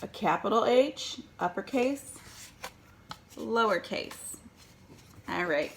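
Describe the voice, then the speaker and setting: Woman, preschool teacher, patient, animated pitch, slow pace. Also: gravelly, slight background noise. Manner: patient, checks in with "okay?" often. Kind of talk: online circle time lesson for young children.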